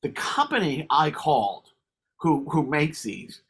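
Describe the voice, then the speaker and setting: A man's voice: fairly high pitch, very animated, a little slow, vocal fry, a bit bright, slightly rough. A man co-hosting a podcast, rambling through casual stories and laughing as he talks. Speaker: podcast co-host. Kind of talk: casual chat.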